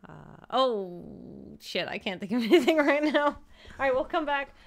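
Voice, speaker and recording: A woman co-hosting a stream aftershow in casual chat, with joking, quick asides. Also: sits high, lively intonation, slight background noise. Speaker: stream co-host.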